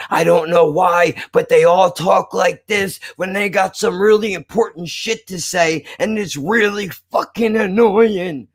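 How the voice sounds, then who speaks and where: A man's voice: fairly high pitch, fairly bright tone. A man hosting a podcast, rambling and joking with heavy swearing. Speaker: podcast host. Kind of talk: casual podcast banter.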